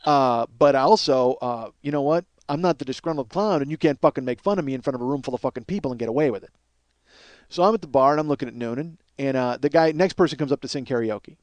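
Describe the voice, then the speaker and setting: Talking fast in a mid-range voice with no room sound, a middle-aged man hosts a podcast storytelling monologue. He's animated and profane, spinning a long, loose tale and performing the quotes of its characters.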